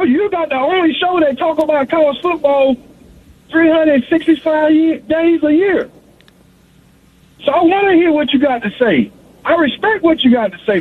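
Male caller, high voice, phone-line audio, rapid repetitive rant. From South Carolina. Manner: fast-talking, repetitive, addresses host by name constantly. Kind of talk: sports call-in rant.

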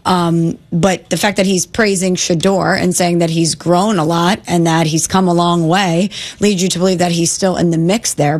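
A woman co-hosting a sports radio show, arguing her football opinions in a direct way. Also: lowish voice.

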